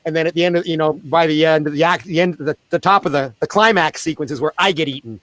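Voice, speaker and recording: A man, a street theatre performer, telling animated stories in a casual interview over a video call. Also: fast talker, dry recording. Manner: animated, acts out quoted voices in a high pitch.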